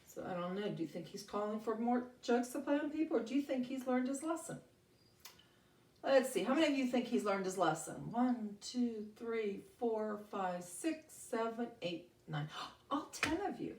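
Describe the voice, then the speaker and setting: A woman teacher reading a picture book aloud to a class and explaining vowel sounds, with animated, expressive delivery. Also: on the high side, moderate pace. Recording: roomy sound from a distant mic.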